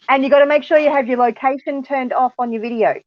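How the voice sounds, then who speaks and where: A woman hosting a casual online chat, with a high voice and a chatty, giggly manner. The sound is dry and close. The audio is slightly dull, like a lo-fi call. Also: no room sound. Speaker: channel host.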